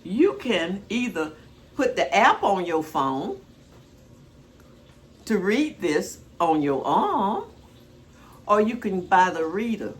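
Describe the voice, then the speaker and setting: A woman's voice: medium pitch, sing-song, slow pace, long pauses. An older woman talking casually in a rambling, homespun way while cooking in her home kitchen. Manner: chatty, homespun, rambling asides. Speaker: cooking vlogger.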